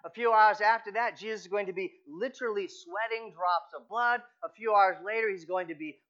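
A man's voice: sits high, fairly quick, sharp tone, dull audio. A male pastor giving a conversational sermon, telling stories and asking rhetorical questions.

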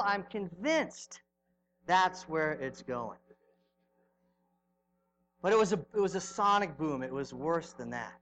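A middle-aged male pastor preaching a sermon, telling stories with sudden swings from loud to hushed. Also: high-pitched, measured pace, slight background noise, low-quality recording.

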